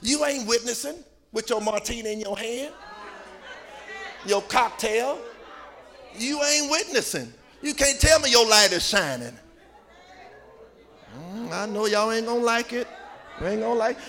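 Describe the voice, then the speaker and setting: A man a sermon, shouting and half-singing his lines and calling on the congregation. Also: very high-pitched, expressive, unhurried, pauses often. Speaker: preacher.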